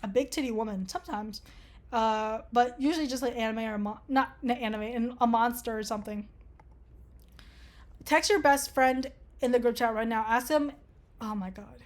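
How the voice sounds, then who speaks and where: A woman's voice: on the high side, moderate pace. A young woman casually talking through an online quiz, sarcastic and swearing freely. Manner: sarcastic, swears a lot, laughs often. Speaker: vlogger taking an online quiz. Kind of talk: casual commentary reading a quiz aloud.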